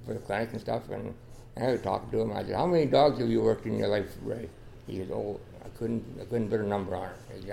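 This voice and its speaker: Older guy, low gravelly voice, rambling folksy podcast story, lots of restarts. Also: darkish tone, slight background noise. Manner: rambling, folksy, many restarts and "you know"s. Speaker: podcast guest, dog trialer. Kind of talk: casual storytelling interview.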